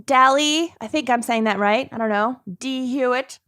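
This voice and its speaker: A woman's voice: high-pitched, normal speed, a bit bright, clear, resonant tone, no room sound, clean studio sound. A woman co-hosting a podcast in casual chat, joking and laughing often. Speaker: podcast co-host.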